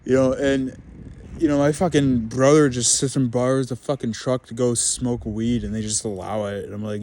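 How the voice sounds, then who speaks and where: A man's voice: medium pitch, steady tone, normal speed, a little mellow, a little hiss or hum. A young man ranting to the camera about being stuck at home, swearing constantly and piling up filler words in a frustrated, venting tone. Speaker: vlogger.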